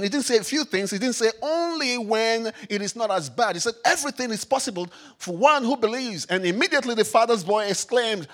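A man preaching a sermon as pastor, emphatic, swinging between loud declarations and quiet reflection. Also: sits high, lively intonation, fairly quick.

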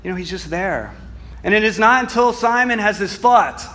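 A man preaching a sermon, earnest and reflective, moving from soft musing to emphatic passages and reading scripture slowly. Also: sits high, lively intonation. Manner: reads scripture slowly and deliberately.

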